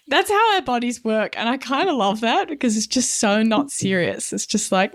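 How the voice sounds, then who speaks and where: Lively laughing woman podcast co-host. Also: medium pitch, moderate pace, no echo, studio quality. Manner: laughs often, playful and frank. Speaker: podcast co-host and career coach. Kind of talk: casual podcast chat.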